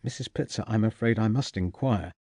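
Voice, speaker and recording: Calm, courteous Victorian inspector; man reading. Measured, dry audiobook sound. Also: lowish voice, dry recording.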